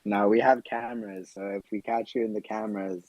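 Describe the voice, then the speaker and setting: A man's voice: lowish voice, flat delivery, fairly quick, no echo. A man from Canada with a Canadian accent, chatting casually in a laid-back, teasing way, on a muffled remote mic. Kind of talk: casual chat.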